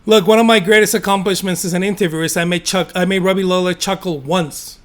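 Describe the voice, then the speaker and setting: A man's voice: sits high, steady tone, fast. A man in his forties hosting an interview, asking questions in an enthusiastic, chatty way over a video call. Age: 40s. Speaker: interviewer, host.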